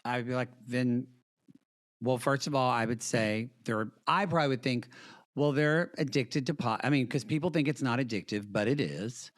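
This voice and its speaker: A man's voice: mid-range voice, normal speed, no room sound. A man co-hosting a podcast, giving blunt opinions in casual chat about a reality show. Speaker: podcast co-host.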